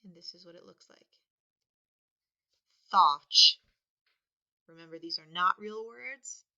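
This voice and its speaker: A woman teaching a spelling lesson, patiently sounding words out and stressing each one loudly. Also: on the low side, brisk, gravelly. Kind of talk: slow, deliberate spelling lesson. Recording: dull lo-fi recording.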